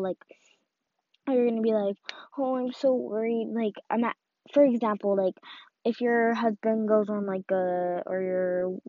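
A woman talks through a casual devotional message, rambling and filling her sentences with "like" and "um." Her voice sits at a middling pitch. The recording is dull and lo-fi, with a dry sound and no room echo. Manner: rambling, full of "like" and "um". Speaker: faith talk host.

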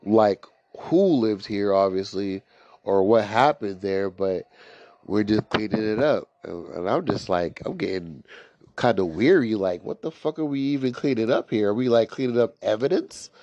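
A man's voice: on the low side, expressive, normal speed, mellow, no echo. A young man telling a story in a casual, rambling way, swearing often and leaning on filler words. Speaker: storyteller host. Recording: dry, slightly dull lo-fi recording.

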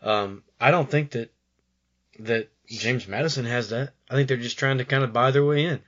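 A man's voice: mid-range voice, moderate pace, fairly bright tone, muffled recording. A man co-hosting a podcast, talking casually about college sports in rambling sentences with frequent stammered restarts. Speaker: podcast co-host.

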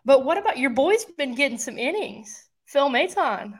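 A woman co-hosts a relaxed sports podcast. Her voice sits fairly high, and she talks in a blunt, teasing way. She swears offhandedly as she chats. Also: moderate pace. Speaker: podcast co-host. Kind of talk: casual sports chat.

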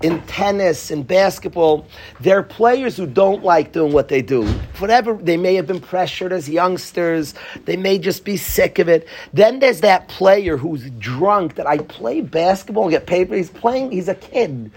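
Man, rabbi teaching a class, husky voice, passionate, pleading, light joking with students. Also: sits high, animated, unhurried, darkish tone. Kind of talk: Torah class lecture to students.

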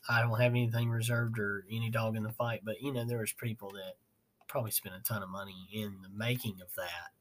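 A man's voice: on the low side, flat delivery, brisk, a bit bright, slight background noise. A man hosting a podcast, rambling casually, laughing and swearing. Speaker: podcast host. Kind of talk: casual chat.

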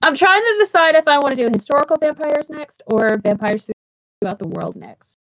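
A woman's voice: sits high, lively intonation, brisk, a bit bright, no room sound. A woman hosting a podcast in a chatty, casual way, with lots of fillers and restarts and frequent giggles. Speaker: podcast host.

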